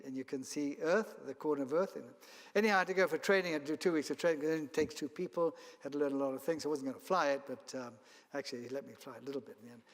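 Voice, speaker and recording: Travel company founder, a man raised in Kenya and South Africa, telling rambling stories on stage in a reverberant hall, voice slightly high. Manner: rambling storyteller with restarts and chuckles. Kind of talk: keynote talk with anecdotes. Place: event hall.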